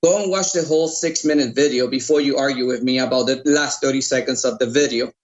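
A man's voice: medium pitch, quick pace. A man from Puerto Rico, a radio broadcaster, explaining his view persuasively as an interview guest. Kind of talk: casual interview talk. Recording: muffled lo-fi audio.

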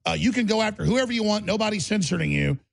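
A man's voice: high-pitched, lively intonation, fast talker, vocal fry. A man hosting a talk radio show, brash and sarcastic, often stammering and repeating words.

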